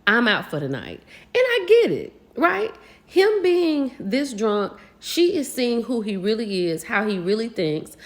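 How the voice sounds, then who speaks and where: A woman's voice: on the high side, unhurried. A woman, chatting casually as she recaps a reality show, gossiping and acting out what people said. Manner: animated, gossipy, acts out quotes.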